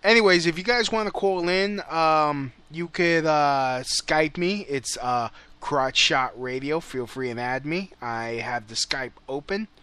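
A man's voice: fairly high pitch, a little slow, hardly any pauses, sharp tone, smooth. A man hosting a call-in show, ranting bluntly in casual, profane talk. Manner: heated, blunt, swears a lot.

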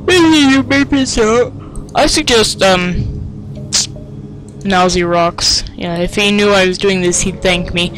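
Slow-talking male gamer, excitable and self-mocking, faint game music behind. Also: sits high, low-quality recording. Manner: excitable, self-mocking, sing-song taunts. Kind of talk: let's play commentary.

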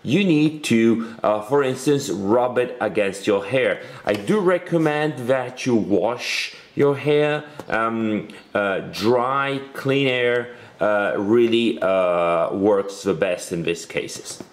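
A man's voice: mid-range voice, slow pace, few pauses. A male teacher giving a recorded science lesson from a room at home, explaining step by step in a patient way and often checking in with "okay?".

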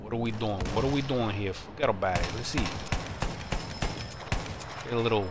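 A man streaming a war shooter, wisecracking and reacting excitedly while he plays. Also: lowish voice, moderate pace, noisy background. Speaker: game streamer. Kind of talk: live gameplay commentary. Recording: game audio loud behind voice. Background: loud gunfire and game sounds.

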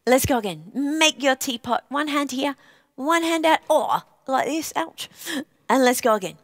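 A woman presenting to young children, speaking in a gentle, encouraging way and asking playful questions between songs. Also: high voice, a little slow, dry recording, studio quality.

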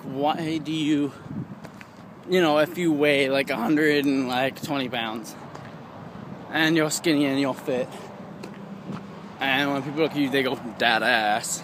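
A young man vlogging outdoors in a casual, rambling rant, animated and prone to high mocking squeals. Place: outdoors, walking in town. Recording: outdoor street noise behind.

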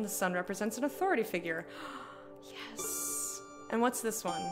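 A young woman streaming a game, chatting casually and reading game text aloud between jokes. Her voice sits a bit high for a woman, with soft music behind her. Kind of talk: casual live-stream commentary.

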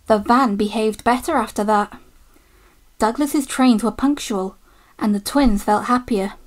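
A woman reading a children's storybook aloud, gentle and unhurried. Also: fairly high pitch.

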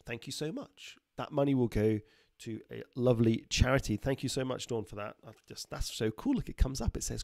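A man's voice: mid-range voice, normal speed, creaky, a little mellow, no echo, studio quality. A middle-aged man, a doctor hosting a casual livestream, chatting loosely, laughing often and reading out viewer comments. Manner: chatty, laughs often, slips into joke accents.

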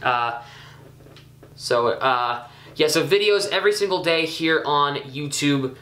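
A young man casually commenting on his own gameplay, chatty and excitable, scolding himself with frequent ums and uhs. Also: on the high side, slow pace, roomy sound. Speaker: gaming YouTuber.

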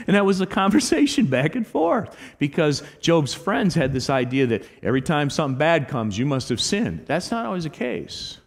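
A man preaching a sermon as pastor, emphatic, moving between loud exhortation and hushed earnestness. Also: on the high side, very animated, moderate pace, few pauses, in a large hall. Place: church sanctuary.

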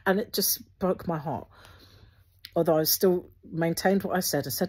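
A woman, speaking earnestly to her viewers with Christian encouragement, gently instructive and often restarting her sentences. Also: fairly low pitch, moderate pace, husky. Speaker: Christian video host.

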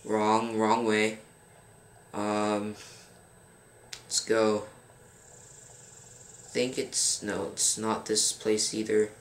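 Teen male gaming host, unhurried and rambling, roomy sound with faint hiss. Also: lowish voice, level tone. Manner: frustrated, rambling, fills pauses with um. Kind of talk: casual gameplay commentary. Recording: roomy with faint background noise.

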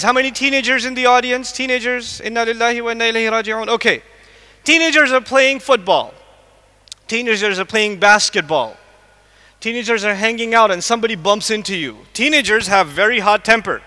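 A man's voice: very high voice, fairly quick, sharp tone. A man giving a lecture to a live audience in a large mosque hall, quizzing the listeners with repeated questions. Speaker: Islamic lecturer. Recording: long echo of a mosque hall.

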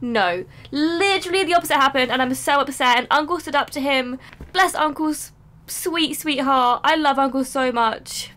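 A woman's voice: high voice, moderate pace, a bit bright. A woman hosting a reaction channel, ranting emotionally in casual commentary and swearing freely.

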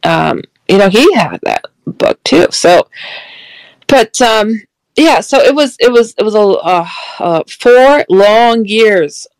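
A woman's voice: medium pitch, animated, takes it slowly, no echo, poor audio. A middle-aged woman telling a personal story in a casual, chatty way, laughing often and acting out what people said. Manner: chatty, laughs often, acts out quoted dialogue. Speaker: author and paranormal speaker.

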